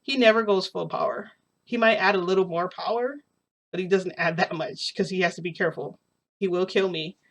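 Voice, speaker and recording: A woman's voice: fairly low pitch, fairly even intonation, fairly quick. A woman telling a casual story in a rambling, giggly way, full of fillers and restarts.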